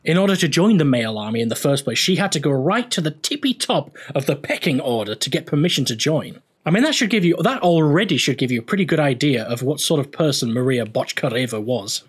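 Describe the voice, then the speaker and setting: A man's voice: fairly high pitch, sing-song, quick pace, few pauses, husky. A young man hosting a gaming video, explaining history casually with jokey, rambling asides.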